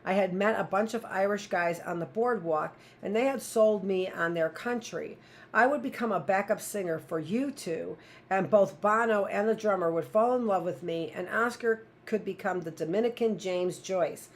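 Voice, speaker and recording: A woman's voice: mid-range voice, normal speed. A woman teacher reading a novel aloud in a plain, first-person storytelling voice.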